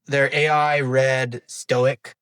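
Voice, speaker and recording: A man's voice: mid-range voice, level tone, very slow, a bit bright, smooth, no room sound. A middle-aged man hosting a podcast, talking candidly and a little rambling, with a self-deprecating manner. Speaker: podcast host. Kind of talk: casual interview chat.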